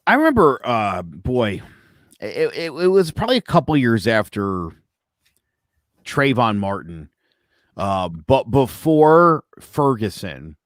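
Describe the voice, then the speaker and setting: A man's voice: medium pitch, takes it slowly, dry recording, studio quality. A man co-hosting a casual podcast, telling stories animatedly, acting out the people he quotes and swearing freely. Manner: animated storyteller, acts out quotes, heavy swearing. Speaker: podcast co-host.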